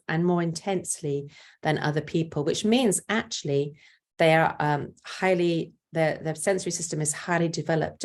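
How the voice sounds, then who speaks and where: An older woman with a low, grounded voice offers parenting advice gently and patiently. She explains things calmly and slips into brief spoken examples of what a parent might say to a child.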